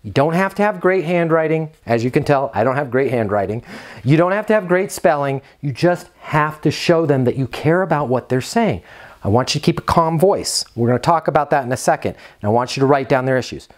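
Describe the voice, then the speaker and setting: A man's voice: fairly high pitch, animated, a little fast. A man giving an instructional talk to camera as a property management trainer, earnest and coaching, repeating his key phrases.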